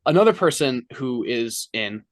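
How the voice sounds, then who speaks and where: A man's voice: medium pitch, expressive, moderate pace, dry recording, clean studio sound. A male podcast host talking in an easygoing way in a casual interview.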